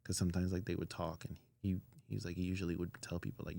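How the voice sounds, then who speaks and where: A man, a guest in an interview, telling relaxed anecdotes full of fillers in casual conversation. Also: low voice, fast, gravelly. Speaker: audio engineer guest.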